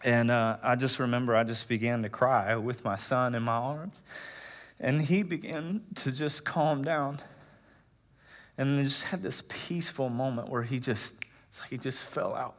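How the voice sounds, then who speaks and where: A man in his thirties preaching as a pastor, telling personal stories in a conversational way with frequent fillers, dropping to hushed tones and rising to loud, emotional emphasis. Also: medium pitch, measured pace.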